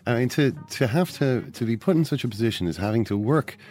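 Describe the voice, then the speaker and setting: An Irish man hosting a sports podcast, talking in a mock-solemn, deadpan way. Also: medium pitch, quick pace, faint music behind. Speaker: podcast host. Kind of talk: deadpan mock-serious chat.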